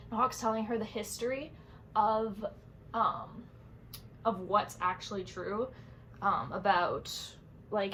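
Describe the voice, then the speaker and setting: A woman's voice: medium pitch, a bit bright, low-quality recording. A young woman reviewing a book in a casual, rambling vlog, full of fillers and quoted reactions. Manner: chatty, rambling, many fillers. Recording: faint background noise.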